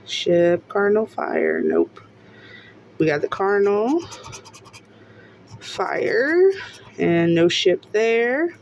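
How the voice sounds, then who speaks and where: A woman narrating casually as she scratches lottery tickets, often breaking into excited exclamations and laughter. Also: fairly low pitch, slight background noise.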